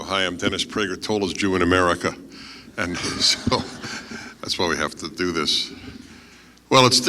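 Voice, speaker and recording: A man giving a humorous lecture as guest speaker, telling jokes in an animated way. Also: fairly low pitch. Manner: joking storyteller, animated. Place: large hall with audience. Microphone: microphone, later unamplified. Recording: echoey hall with background noise.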